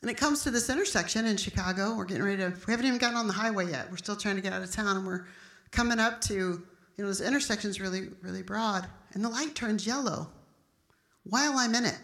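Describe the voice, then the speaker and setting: A woman's voice: medium pitch, fast talker, a bit bright, reverberant. A middle-aged woman pastor preaching an emphatic, storytelling sermon.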